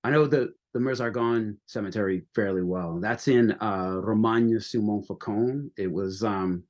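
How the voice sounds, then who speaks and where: A man's voice: lowish voice, normal speed, darkish tone. A man from the United States talking casually as a podcast guest, rambling with many restarts. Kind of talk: casual conversation.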